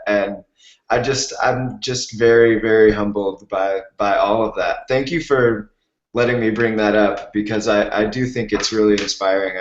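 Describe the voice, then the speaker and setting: A man hosting an interview show, asking rambling, friendly questions full of fillers. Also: mid-range voice. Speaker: podcast host. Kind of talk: casual interview chat. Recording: roomy lo-fi remote audio.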